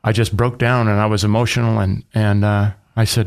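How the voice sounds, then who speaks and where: Gravelly man telling his testimony. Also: lowish voice, level tone, a little fast. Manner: plain, conversational storytelling with restarts. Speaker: interview guest. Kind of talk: personal testimony.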